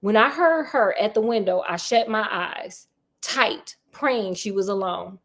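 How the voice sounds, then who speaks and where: A woman's voice: lowish voice, moderate pace. A woman reading a spooky children's novel aloud and breaking off for sassy, laughing asides. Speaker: storyteller reading a book aloud. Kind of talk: book reading with comedic asides.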